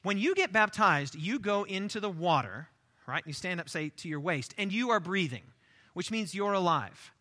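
A man preaches with a high, expressive voice that's bright and forceful, repeating key phrases to underline his message. His unscripted moments bring stumbles and quick restarts.

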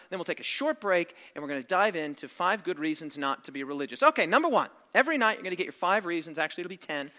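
A middle-aged pastor with a high-pitched, pushed and bright voice preaches a sermon. He reasons analytically, step by step, dropping in asides. The long reverb of a large hall surrounds him.

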